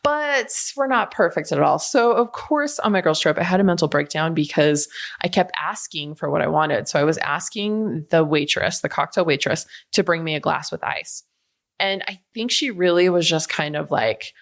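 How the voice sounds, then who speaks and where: A woman hosts her own podcast in a candid, heartfelt way, speaking straight to her listeners and dropping the odd curse word. Her voice sits a little low and carries a gravelly fry. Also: a bit bright. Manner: frank and emotional, swears casually, addresses listeners directly. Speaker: podcast host. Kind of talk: candid personal podcast talk.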